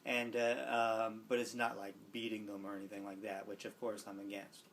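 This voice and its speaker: A man's voice: fairly low pitch, monotone, normal speed, slight background noise. Earnest young man telling a story. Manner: earnest, reflective, with soft quoted asides. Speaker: student teacher. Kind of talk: personal storytelling.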